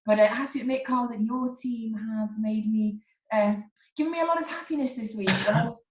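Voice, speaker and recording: A woman's voice: fairly high pitch, fairly quick, roomy sound, noisy background. Woman host with a cold, teasing chat. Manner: lively, teasing, conversational. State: has a cold. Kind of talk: casual chat about football.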